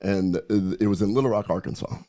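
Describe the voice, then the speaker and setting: A man co-hosting a podcast in casual conversation, his voice sitting a little low with a mellow, relaxed tone. He tells stories with animation, laughing often as he goes. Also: fairly quick. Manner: animated storyteller, laughs often and mimics people. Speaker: podcast co-host. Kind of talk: casual chat.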